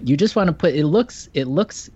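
A man's voice: fairly high pitch, animated, normal speed, a little mellow, breathy edge, lo-fi sound. A man co-hosting a podcast in casual chat, wry and joking. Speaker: podcast co-host.

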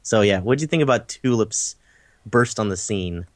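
A man's voice: fairly low pitch, lively intonation, no echo. A man hosting a casual podcast chat, enthusiastic and swearing freely. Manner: enthusiastic, swearing, quick asides. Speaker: podcast host.

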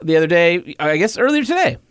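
Animated man telling a story, dry studio. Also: on the high side, brisk, clean tone, no echo. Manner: animated storyteller, acts out quotes. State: strained voice. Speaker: podcast co-host. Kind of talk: casual chat.

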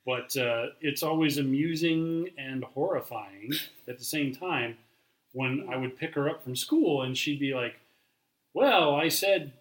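A man's voice: medium pitch, a little slow, reverberant, poor audio. A man co-hosting a podcast, telling an anecdote in a wry, easygoing way. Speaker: podcast co-host. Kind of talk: casual chat.

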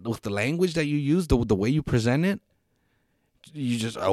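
A man's voice: medium pitch, lively intonation, a little fast, a little mellow, no room sound, clean studio sound. A Mexican American man talking frankly and casually, with lots of swearing and stumbling restarts. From United States. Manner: frank, profane, many restarts and repeated words. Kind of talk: casual opinion talk.

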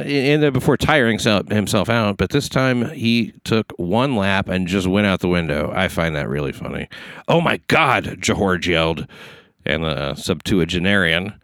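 Deep-voiced sardonic New man. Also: no echo, clean studio sound. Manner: sardonic, profane, riffing asides. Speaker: podcast host reading news. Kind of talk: casual comedic news chat.

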